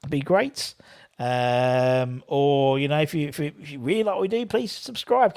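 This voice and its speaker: A man's voice: a little high, normal speed, vocal fry, a little mellow. A young man hosting a live football watchalong, chatting casually and reading out viewers' comments. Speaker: fan channel host.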